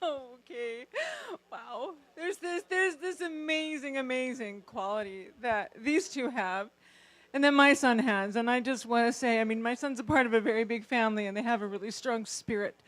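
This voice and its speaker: The groom's mother giving a chatty, warm-hearted wedding toast outdoors, laughing between her thoughts. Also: a little high, moderate pace. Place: outdoor backyard.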